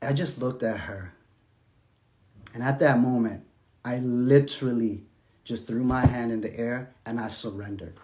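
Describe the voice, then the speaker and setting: A man talking casually and emphatically about his marriage, sometimes dropping to a soft, low tone as he recounts events. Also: a little slow, pauses often. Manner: animated and emphatic, sinking to soft, low tones when recounting. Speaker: estranged husband telling his side. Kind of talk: casual monologue.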